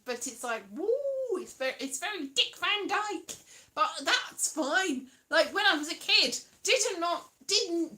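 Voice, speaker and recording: A woman's voice: high voice, sharp tone. A woman hosting a casual live chat, rambling and giggling, now and then slipping into silly put-on voices. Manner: chatty and giggly, rambling with frequent laughs; slips into silly put-on voices and sung bits. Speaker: host of a live weekly stream.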